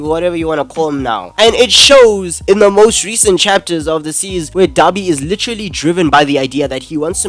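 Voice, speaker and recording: A man's voice: high-pitched, fairly bright tone. A young man giving an angry, exasperated, swearing commentary rant. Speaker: commentary YouTuber. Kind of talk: ranting video commentary.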